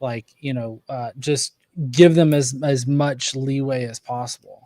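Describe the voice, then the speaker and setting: A man hosting an interview, asking his questions haltingly, with frequent fillers and restarts. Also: medium pitch, steady tone, mellow, no room sound. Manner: hesitant, many fillers and restarts. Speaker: host. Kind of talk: casual interview chat.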